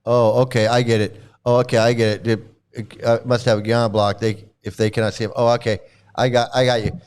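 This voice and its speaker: A man hosting a livestream rants indignantly and mockingly, repeating himself a lot, as casual commentary. His mid-range voice has little pitch movement, a darkish, clean tone, and a slightly fast pace.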